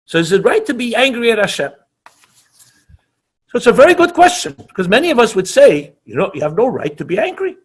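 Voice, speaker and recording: Husky, high-voiced rabbi teaching with passion. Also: male voice, big pitch swings, a little fast. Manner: passionate, emphatic, repeats himself; sprinkles Hebrew and Yiddish terms. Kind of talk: online class and Q&A.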